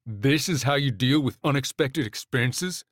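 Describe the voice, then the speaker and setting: A man's voice: mid-range voice, lively intonation, moderate pace, dry recording, clean studio sound, lightly acted. A man doing a brash young rancher. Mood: accusing. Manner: brash, accusing. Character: blunt hot-tempered young male rancher.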